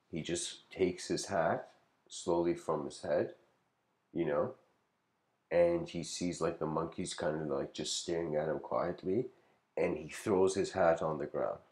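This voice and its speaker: A man's voice: deep voice, a little mellow. A man giving a casual lecture, telling a story in a rambling way with lots of filler words and frequent chuckles.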